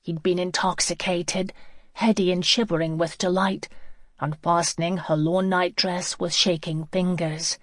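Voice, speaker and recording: An audiobook narrator reading a first-person novel in a measured, reflective way. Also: medium pitch, flat delivery, no echo, studio quality.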